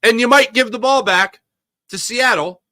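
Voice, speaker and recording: A man hosting a live sports talk show, giving opinionated takes and answering viewer chat in an animated way. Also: extremely high pitch, dry recording, clean studio sound. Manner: opinionated, animated, quick asides to chatters.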